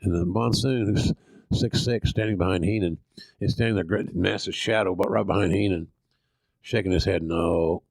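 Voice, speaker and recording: Older Southern man from Oklahoma, low gravelly voice, dry close sound, podcast storyteller. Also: steady tone, normal speed, a little mellow, no room sound, rough recording. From Oklahoma, USA. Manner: folksy, salty, self-deprecating. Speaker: podcast host. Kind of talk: casual storytelling.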